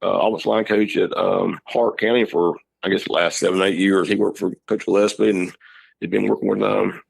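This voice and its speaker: A middle-aged man, a high school football coach telling stories in a casual interview, rambling and restarting his words. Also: fairly even intonation, normal speed, vocal fry, breathy edge, low-quality recording. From Georgia, USA.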